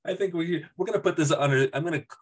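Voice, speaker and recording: Animated male podcast co-host. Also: on the high side, quick pace, husky. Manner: animated, acts out characters, laughs often. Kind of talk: casual chat recapping a TV episode.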